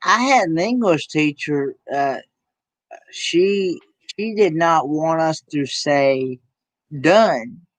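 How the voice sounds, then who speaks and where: Southern host, unhurried drawl, halting friendly chatter, dry mic. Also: male voice, on the high side, expressive, no room sound. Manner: halting, restarts often. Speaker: YouTube channel host. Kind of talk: casual chat.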